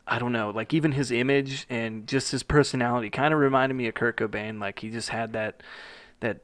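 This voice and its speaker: A young man co-hosting a podcast in easy, profane casual chat. He tells stories with animated put-on quotes and laughs often. His voice sits at an ordinary middle pitch. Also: fairly quick, no room sound. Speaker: podcast co-host.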